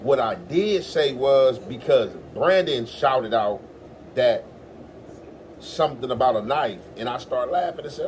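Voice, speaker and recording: A man's voice: medium pitch, lively intonation, a little slow, a little mellow, a little hiss or hum. A man hosting his own commentary show, talking back to a podcast clip in a defensive, insistent way and acting out what others said. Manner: defensive, insistent, acts out quotes. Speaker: host.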